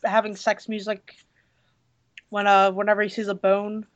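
A woman co-hosting a casual movie review chat, hoarse from losing her voice, blunt and hesitant with many fillers. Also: medium pitch, monotone, normal speed, dull audio. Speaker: podcast co-host reviewing a movie.

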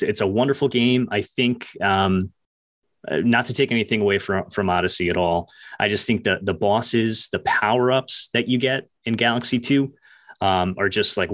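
A man on a gaming podcast with a low voice and a bright, forceful edge. He talks about his favorite games with upbeat, eager enthusiasm. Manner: enthusiastic, upbeat gamer talk. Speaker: podcast co-host. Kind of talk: casual podcast chat.

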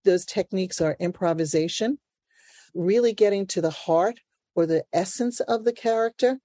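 A woman's voice: mid-range voice, normal speed, warm tone, no echo, clean studio sound. An older woman from Brooklyn, a playwright and actor, talking animatedly in an interview and laughing often. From Brooklyn, New York. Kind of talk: conversational interview.

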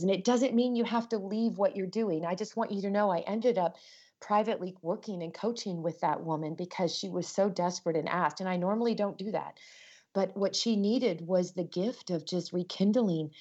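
A professional speaker appears as a guest in a video-call interview, telling emotional stories earnestly and with feeling, impassioned throughout. Her medium-pitched voice is warm and slightly rough, and the audio is dull.

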